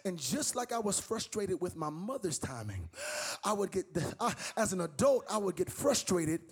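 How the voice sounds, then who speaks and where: Man preaching a sermon, high voice, sing-song storytelling. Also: very animated, moderate pace, husky. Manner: storytelling, sing-song rising cadence, acting out his mother and his child self.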